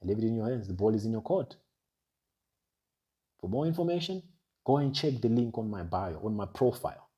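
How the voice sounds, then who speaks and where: Male commentator, deep mellow tone, dramatic warning monologue. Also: lively intonation, fairly quick, long pauses, dull audio. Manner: ominous, emphatic, repetitive rhetorical delivery. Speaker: online commentator.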